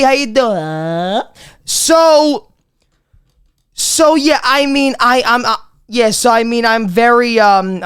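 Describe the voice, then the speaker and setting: New podcast comic, smooth clear voice, rambling profane rant. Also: mid-range voice. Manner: profane, rambling, swings between loud bits and muttered asides. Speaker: comedy podcast host. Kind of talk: comedic rant.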